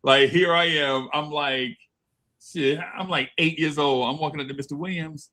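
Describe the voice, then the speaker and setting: Man, casual podcast chat, animated storyteller, bright tense tone, somewhat high voice. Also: normal speed. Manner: animated, laughing storyteller who acts out voices. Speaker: podcast co-host.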